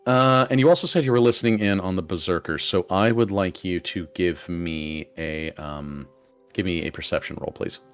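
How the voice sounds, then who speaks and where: Man, game master, fairly low voice, loose casual narration, faint ambient music. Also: normal speed, clean tone. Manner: loose, filler-heavy storytelling.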